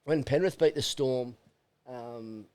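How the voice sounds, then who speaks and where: A man's voice: mid-range voice, slow pace, no room sound. A middle-aged Australian man, a podcast guest, talking bluntly and with plenty of swearing in casual chat. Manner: blunt, animated, swears freely.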